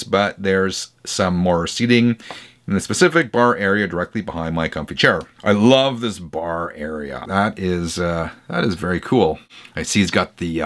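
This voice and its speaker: A man hosting a casual show, reading viewer letters and reacting with chatty enthusiasm, correcting himself now and then. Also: deep voice. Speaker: host reacting to viewer music rooms.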